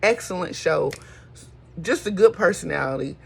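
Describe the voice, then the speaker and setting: A woman's voice: lowish voice, expressive, moderate pace, gravelly, breathy edge. A middle-aged woman, hosting a folksy casual chat and calling listeners honey. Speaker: host.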